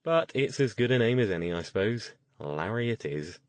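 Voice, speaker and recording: A man's voice: lowish voice, big pitch swings, moderate pace, no echo. A man voicing a sardonic, weary British mage with a British accent. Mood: wry. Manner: dry, sardonic.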